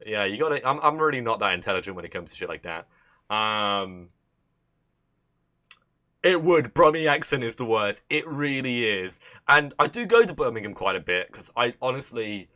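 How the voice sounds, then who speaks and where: A medium-pitched, bright and forward voice belongs to a young Midlands-accented man chatting loosely with his stream audience. His casual livestream talk is rambling and full of swearing and restarts.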